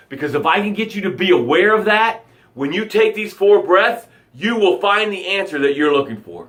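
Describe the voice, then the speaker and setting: Man, motivational coach, fairly high voice, dramatic, loud then hushed, vivid repeated phrases. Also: lively intonation, moderate pace. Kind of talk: live motivational broadcast.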